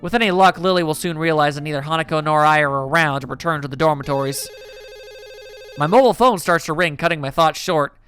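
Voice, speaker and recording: A man's voice: on the high side, fast, a bit bright, a little hiss or hum. A man hosting a let's play, reading a visual novel's first-person narration aloud in a reflective way.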